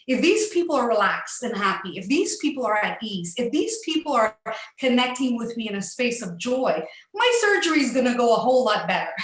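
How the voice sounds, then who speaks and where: A woman's voice: a little high, big pitch swings, brisk. Upbeat storytelling woman, echoey room. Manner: earnest, upbeat, laughs often. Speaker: facilitator. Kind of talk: personal storytelling talk.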